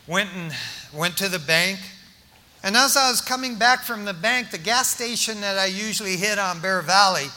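A man's voice: high voice, sharp tone. An older man preaching, telling a personal story with jokes, restarts and acted-out dialogue. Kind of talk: storytelling sermon testimony. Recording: long reverb of a large hall.

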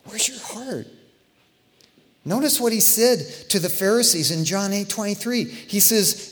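A middle-aged man preaching a sermon as pastor, conversational and impassioned, swinging between loud outbursts and hushed asides. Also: high-pitched, animated, unhurried. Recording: long hall reverb.

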